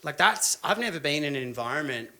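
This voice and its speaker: A man hosting a casual chat, throwing in quick jokes and swearing freely. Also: a little high, big pitch swings, pushed and bright. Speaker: podcast host.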